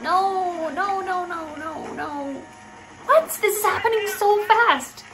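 A young American woman watching a film for the first time and reacting out loud, giggly and emotional. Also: very high-pitched, takes it slowly, noisy background. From United States. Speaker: reaction vlogger. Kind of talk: casual reaction commentary. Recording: film soundtrack playing behind.

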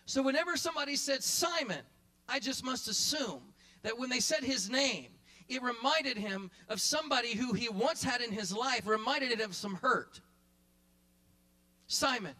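A male pastor preaching a sermon in church, repeating his phrases and building to shouts, then dropping into quick quiet asides. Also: very high-pitched. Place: church sanctuary.

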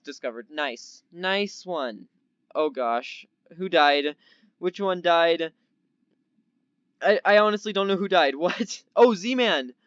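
Excitable young man gaming, slightly dull mic. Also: a little high, clean tone, no room sound. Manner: excitable, easily startled, chatty; doing a slightly odd put-on accent. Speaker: gaming YouTuber. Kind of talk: casual gameplay commentary.

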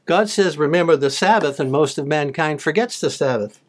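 A man's voice: fairly high pitch, sing-song, moderate pace. A man giving a sermon, reading Bible verses aloud and then explaining them in plain words. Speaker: preacher.

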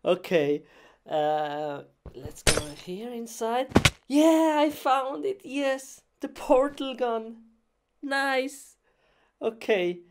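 A woman's voice: fairly high pitch, very slow. A woman acting in a comedy skit, talking in playful exclamations and simple, broken English. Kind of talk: acted comedy skit narration. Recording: steady background noise.

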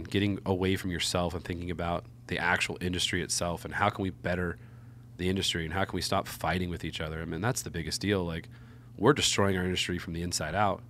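A man in his thirties, a wild game chef, chatting as a podcast guest and telling lively stories that act out other people's voices. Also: sits low, a little hiss or hum. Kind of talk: casual podcast conversation.

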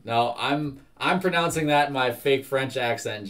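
A young man running a live card break, rattling off trading cards at a steady clip. His voice sits at an ordinary middle pitch, and he keeps the talk relaxed and chatty between the cards. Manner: brisk, reads out card after card.

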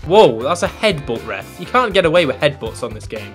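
Excitable young man gaming. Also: medium pitch, a little fast, hardly any pauses, over music. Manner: self-mocking, bursts into loud excited yelling. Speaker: gaming YouTuber. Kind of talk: casual gameplay commentary.

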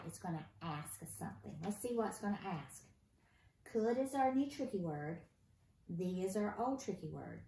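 A woman teaching a first grade phonics lesson, sounding out letters slowly and asking encouraging questions. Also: mid-range voice, mellow. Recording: roomy echo, faint room noise.

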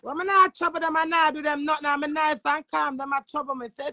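A woman's voice: high-pitched, fairly even intonation, quick pace, bright, forceful tone, dry recording. A Jamaican woman ranting brashly and crudely on a phone live stream, defiant toward her critics. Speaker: social media personality. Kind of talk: instagram live rant.

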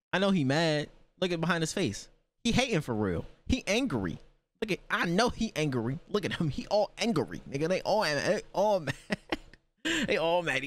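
A man hosting an anime reaction video, talking back to the screen with lots of laughter and profanity. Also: medium pitch.

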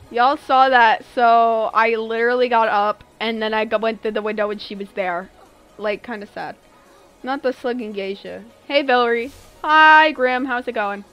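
Playing a game live for her viewers, a young woman keeps up casual commentary, her slightly high voice breaking into frustrated, expressive outbursts. The audio sounds dull.

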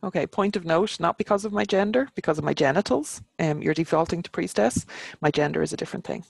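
A woman's voice: lowish voice, quick pace, vocal fry, slightly rough, no room sound. An Irish woman hosting a podcast interview, talking in a frank, wry way and laughing easily. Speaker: podcast host. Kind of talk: casual interview chat.

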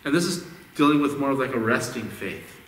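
Male pastor at mid pitch, easygoing sermon delivery, recorded from across a reverberant church. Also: a little fast, a bit bright. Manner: conversational, repeats words as he restarts phrases. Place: church sanctuary. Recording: echoey hall, distant mic.

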